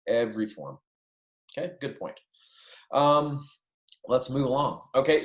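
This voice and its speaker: A man, a Spanish teacher, giving a recorded lecture and walking through verb endings, often checking in with "right?" and "okay?". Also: mid-range voice. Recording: echoey room.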